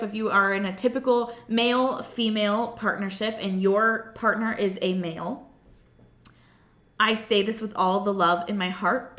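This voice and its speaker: Woman coach, animated and playful, bright voice, slightly high, roomy echo. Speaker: self-love coach. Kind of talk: motivational talk to camera.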